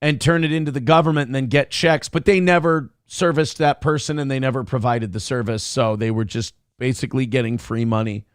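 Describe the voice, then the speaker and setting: A man's voice: mid-range voice, fairly even intonation, brisk, hardly any pauses, clear, resonant tone, dry recording, studio quality. A man hosting a casual morning talk show, rambling and self-deprecating as he reads viewer messages aloud. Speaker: show host.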